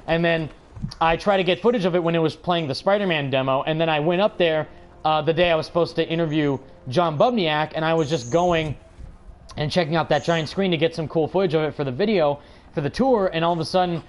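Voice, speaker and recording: Excitable young guy chatting on stream. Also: a little high, brisk. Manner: excitable, rambling, peppered with "like". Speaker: livestream host. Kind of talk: casual chat while streaming a game.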